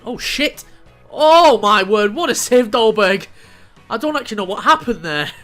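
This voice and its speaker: A young man casually commentating his own football video game, excitable and sweary, calling the play as it happens. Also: sits high. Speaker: gaming YouTuber.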